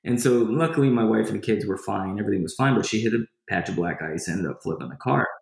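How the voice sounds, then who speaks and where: The voice is a man's, fairly low and fast with vocal fry. As an interview guest in a casual conversation, he gives a lively account of a personal experience, rambling and beginning sentences again. Echo fills the room.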